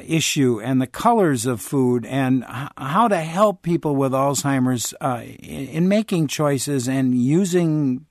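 A man hosting a public radio call-in show, measured and gentle, with some hesitant fillers. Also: on the high side, no room sound, clean studio sound. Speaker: radio host.

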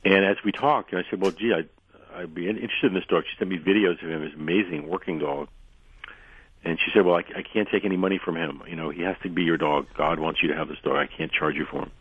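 A man guest on a radio show telling long anecdotes in a rambling way, losing his voice and clearing his throat often. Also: low-pitched, steady tone, quick pace. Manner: rambling anecdotal storyteller, frequent restarts. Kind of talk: radio interview, storytelling. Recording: dry narrow phone-line sound.

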